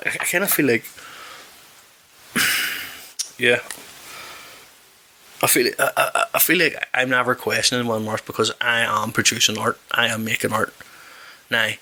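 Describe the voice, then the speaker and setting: A Northern Irish man hosts his own podcast in a loose, rambling chat, swearing freely and tripping over restarts. His voice sits a touch low with a gravelly fry, yet it sounds bright and forceful. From West Belfast, Northern Ireland. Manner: rambling and profane, self-correcting, with repeated restarts. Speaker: podcast host. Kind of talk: casual chat.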